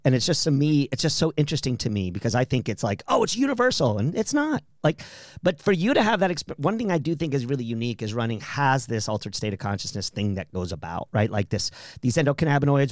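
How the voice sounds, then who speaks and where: A man hosting a podcast, talking quickly and rambling in a chatty way. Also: mid-range voice, no room sound, studio quality. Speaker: podcast host. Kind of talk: casual podcast conversation.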